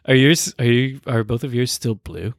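A man's voice: mid-range voice, no room sound, studio quality. A man co-hosting a podcast, hesitant and laughing often in casual banter. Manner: slow, hesitant, laughs a lot. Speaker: podcast co-host.

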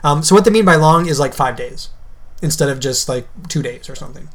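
A man's voice: a little high, fairly quick. A young man co-hosting a podcast in casual chat, talking in a loose, hesitant way with lots of fillers and easy laughs. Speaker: podcast co-host.

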